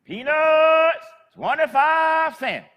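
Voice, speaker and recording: A man's voice: lively intonation, exaggerated voice. A man crying out as a tiny old peanut-selling lady. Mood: calling out. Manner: calling out loudly in a slow high cry. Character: tiny hunched old female peanut vendor.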